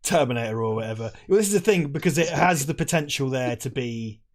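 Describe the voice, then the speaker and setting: A man's voice: medium pitch, expressive, quick pace. A man riffing casually on a film he is watching, his thoughts wandering and peppered with swearing. He laughs often and talks into a lapel mic. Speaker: film commentary host. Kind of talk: casual watch-along chat. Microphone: lavalier.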